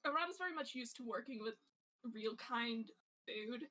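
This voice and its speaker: High, bright giggly woman narrating. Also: lively intonation, normal speed, poor audio. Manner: giggly, lots of fillers and restarts. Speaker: player. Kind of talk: casual tabletop role-play narration.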